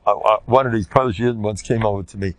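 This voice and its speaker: An older man with an American Orthodox Jewish English accent, a rabbi telling stories in an informal Torah class and bursting into loud shouted quotes. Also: lowish voice, fairly even intonation, fast talker, no echo. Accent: American Orthodox Jewish English with Yiddish words. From United States.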